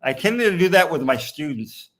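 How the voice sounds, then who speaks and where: A man's voice: fairly high pitch, very animated, normal speed. A man in his sixties hosting a casual live stream chat, teasing his friends. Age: 60s. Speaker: host.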